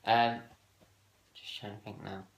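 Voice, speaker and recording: Male host, low-pitched, hesitant casual delivery full of fillers, roomy echo. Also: little pitch movement, takes it slowly, gravelly, muffled recording. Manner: hesitant, many fillers and restarts. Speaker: video host ranking TV moments. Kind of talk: casual solo countdown talk. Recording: echoey room.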